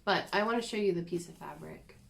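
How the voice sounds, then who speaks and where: A woman's voice: lowish voice, a little fast, creaky, slight background noise. A woman chatting casually and self-deprecatingly as she shows her cross-stitch projects to the camera. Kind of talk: casual show-and-tell chat.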